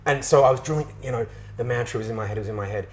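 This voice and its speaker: An Australian actor in a casual interview, telling an animated, self-mocking story with frequent restarts. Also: male voice, mid-range voice, racing, a little hiss or hum, rough recording.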